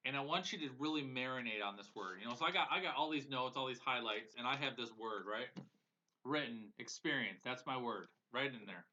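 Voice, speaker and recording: Brisk and sharp-toned at a medium pitch, this man runs live-streamed motivational coaching as a business coach. He's earnest and emotional, repeating phrases to stress them, and the recording has dull lo-fi audio.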